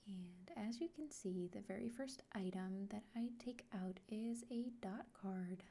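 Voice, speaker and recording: A woman hosts an unboxing vlog in a soft, often whispered voice. She speaks slowly and gently, and her voice is mellow and dark, with a gravelly fry at its edges. Her pitch sits in an ordinary middle range. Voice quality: frequently whispered. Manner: slow, gentle and soft-spoken. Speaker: art vlogger.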